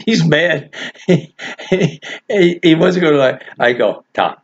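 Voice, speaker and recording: An older man, a storyteller, spins a rambling, chuckle-filled anecdote in a casual, folksy manner. His voice is fairly high and slow, captured on a dull lo-fi recording with a little hiss or hum.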